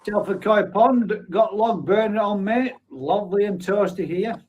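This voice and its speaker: A man's voice: high-pitched, measured pace, a little mellow, slight background noise, poor audio. A man in his forties hosting a live stream, chatting casually and reading out viewer comments, blunt, with offhand swearing and frequent laughs. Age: 40s.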